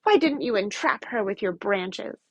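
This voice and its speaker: A woman's voice: mid-range voice, expressive, moderate pace, dry recording. Woman doing a snarling old witch, cruel and greedy, storybook read-aloud. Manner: snarling demands.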